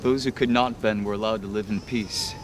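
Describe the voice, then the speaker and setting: An actor playing a weary male villager recounting his people's defeat, in a low somber voice, from a film clip. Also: fairly even intonation, brisk, noisy background, natural voice. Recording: film clip with rumbling background.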